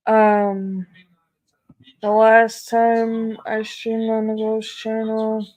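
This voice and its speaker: Young woman streamer cursing nonstop, slow drawl, dry close sound, lots of disbelief. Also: fairly high pitch, darkish tone, no room sound, poor audio. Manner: swears constantly, laughs and exclaims in disbelief. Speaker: live streamer. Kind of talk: casual live-stream chat.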